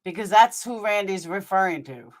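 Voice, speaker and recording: A woman's voice: mid-range voice, expressive, moderate pace. A woman hosting her channel, reacting to clips in a furious, profane, sarcastic rant.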